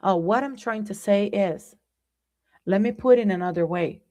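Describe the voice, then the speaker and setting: A woman teaching a live online English lesson, speaking deliberately and often checking in with "right?". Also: medium pitch, dark tone.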